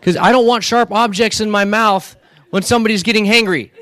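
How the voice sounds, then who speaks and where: A man's voice: high voice, steady tone, brisk, pushed and bright. A man preaching a humorous sermon, telling comic stories and checking in with the crowd with rhetorical questions. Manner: joking storyteller who keeps asking the crowd "right?". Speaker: pastor.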